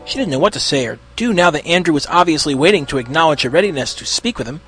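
A man reads a story aloud with an expressive, steady delivery, his voice sitting a little high. Faint music plays quietly underneath. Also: fast talker. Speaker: narrator. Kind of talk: storybook reading of fan fiction.

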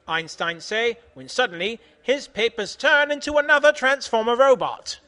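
A man doing a deadpan comic reading in deliberately broken English, in a mock-pompous manner, yelling the quoted lines. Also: high voice. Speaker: host reading comic stories.

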